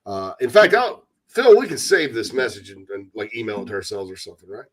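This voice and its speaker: A man hosting a casual sports talk radio show from the American South, chatty and animated, slipping into mock voices. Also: on the low side, fairly quick. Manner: animated, breaks into loud mock voices and laughter.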